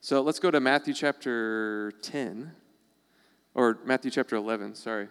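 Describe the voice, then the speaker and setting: Male pastor, casual sermon delivery, smooth voice, long hall reverb. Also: medium pitch, normal speed. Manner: conversational, acts out quoted voices.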